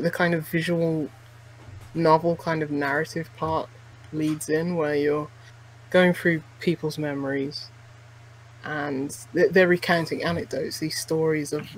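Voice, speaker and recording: A man's voice: on the high side, steady tone, measured pace, low-quality recording. A man co-hosting a podcast, chatting casually about a game he played, rambling and full of fillers and restarts. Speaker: podcast co-host. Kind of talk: casual chat reviewing a game.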